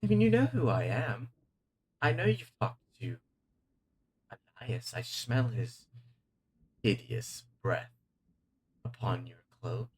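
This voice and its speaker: A man's voice: medium pitch, sing-song, takes it slowly, pauses often, darkish tone, slight background noise. A man voicing a haughty male archdemon with a put-on British accent, mocking and menacing. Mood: sneering.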